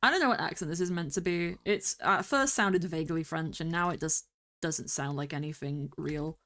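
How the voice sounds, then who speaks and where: Woman streamer, rambling game commentary, low-ish voice, excited outbursts, chatty self-talk. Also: normal speed. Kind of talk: casual gameplay commentary. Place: home streaming setup.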